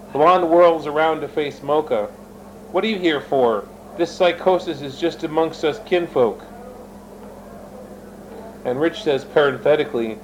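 A man with a somewhat high-pitched voice gives a dramatic reading of his own story. He moves between plain narration and the characters' lines, and he sometimes turns to speak straight to his listeners. A faint hiss sits under the voice. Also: measured pace, pauses often, lo-fi sound. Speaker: reader of his own fiction.

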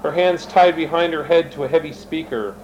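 A man's voice: on the high side, fairly quick, darkish tone, poor audio. A man reading his own fiction aloud, switching between narration and character voices and speaking directly to his listeners. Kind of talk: dramatic reading of an erotic story.

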